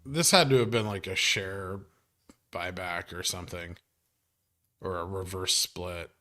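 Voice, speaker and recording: A man's voice: low voice, measured pace, sharp tone. A man from New York chatting casually on a livestream about stock trades, reading viewers' questions aloud and answering offhand, with some swearing. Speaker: stock market streamer.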